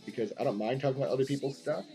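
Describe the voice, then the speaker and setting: A man's voice: mid-range voice, very fast, warm tone. A man chatting casually while he draws on a live stream, rambling along with lots of fillers and restarts. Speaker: artist live-streaming a drawing session. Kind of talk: casual chat while drawing. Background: faint guitar music.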